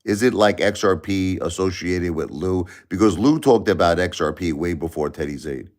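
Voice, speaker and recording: A man's voice: low voice, moderate pace, darkish tone. A man hosting a casual late-night live stream from home, rambling, repeating himself and talking to viewers by name. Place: home at night, family asleep.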